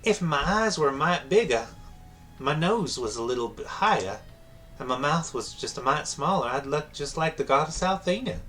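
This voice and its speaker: A man's voice: fairly high pitch, animated, moderate pace, bright, forceful tone, soft background music, voice pushed up. A man voicing a folksy village man from a game, in a put-on Southern drawl, reading the dialogue aloud. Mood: gossipy. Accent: put-on American Southern.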